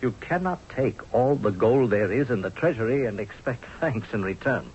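A man's voice: mid-range voice, expressive, moderate pace, a little hiss or hum, lightly acted. A man playing a blunt, sardonic army general. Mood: scornful. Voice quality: sardonic, forceful, pleading. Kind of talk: 1970s radio drama acting. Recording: dull lo-fi old radio broadcast.

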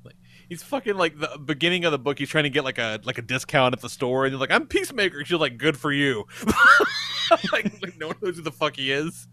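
Man, podcast host, casual chat, swears a lot, excitable, bright voice. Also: a little high, fast talker. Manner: swears freely, loose and excitable.

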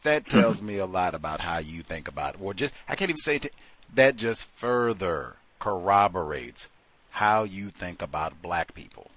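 Emphatic lower-voiced male host. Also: fairly bright tone, no echo. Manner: emphatic, incredulous, conversational. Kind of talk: casual commentary on listener stories.

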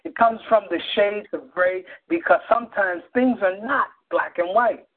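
A man co-hosting a radio show who chats casually, then performs a spoken-word poem with animated, repeated phrases. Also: high-pitched, moderate pace. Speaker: radio co-host and poet. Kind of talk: casual chat and spoken-word poetry reading. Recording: tinny phone-like sound.

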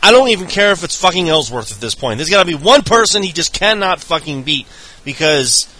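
A man's voice: on the high side, expressive, brisk, pushed and bright, poor audio. A man co-hosting a podcast, griping casually about wrestling with lots of swearing. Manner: profane, exasperated griping. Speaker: podcast co-host.

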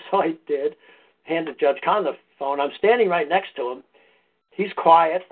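A man with a somewhat high, husky voice tells a meandering personal anecdote in a relaxed, conversational way. He comes through a tinny, phone-like line. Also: a little slow. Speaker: podcast guest, foundation founder. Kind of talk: casual anecdotal storytelling. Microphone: phone or call line.

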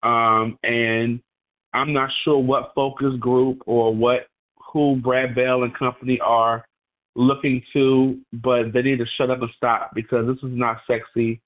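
Brief: male phone caller, measured and hesitant, phone-line audio. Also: mid-range voice, little pitch movement. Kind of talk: casual chat.

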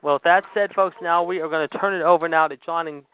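A man's voice: fairly high pitch, steady tone, quick pace, smooth. A man hosting a call-in radio show, who keeps repeating filler words like however and of course. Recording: tinny phone-line sound.

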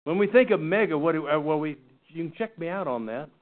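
A man teaching a Bible study class in an earnest, halting way, often restarting his sentences. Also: fairly high pitch, expressive. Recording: tinny phone-like recording.

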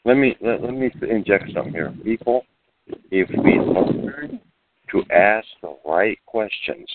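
A man's voice: on the low side, lively intonation, measured pace, very noisy. A man co-hosting a radio talk show who speaks emphatically in short preaching phrases. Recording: dry, tinny phone-like sound.

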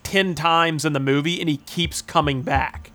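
A man's voice: a little high, steady tone, normal speed, pushed and bright. A man co-hosting a casual podcast, animatedly retelling movie scenes and swearing freely. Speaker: podcast co-host. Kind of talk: casual chat, storytelling.

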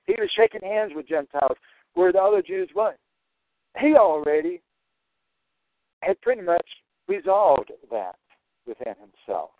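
A man's voice: high-pitched, wildly swooping pitch, normal speed, long pauses, no echo. A man teaching through a Bible passage verse by verse, stressing and repeating his key points. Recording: tinny phone-like dry sound.

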